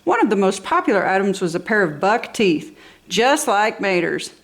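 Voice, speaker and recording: A woman's voice: medium pitch, moderate pace. Woman reading a storybook with enthusiasm. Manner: enthusiastic and expressive. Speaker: storybook reader. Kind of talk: children's storybook read-aloud.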